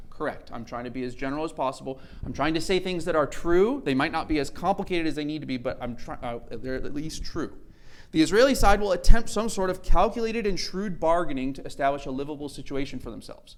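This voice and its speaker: A man's voice: fairly high pitch, expressive, fast talker. A middle-aged man giving a conversational history lecture with slides at a church conference, acting out the quoted voices of the sides he describes and correcting himself as he goes. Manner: conversational, acts out quoted speakers, self-correcting. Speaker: conference speaker.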